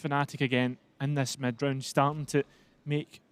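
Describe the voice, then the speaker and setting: A man's voice: mid-range voice, flat delivery, moderate pace, clear, resonant tone. A man giving analytical color commentary on an esports match, sometimes correcting himself mid-sentence. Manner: analytical, occasional self-corrections and laughs.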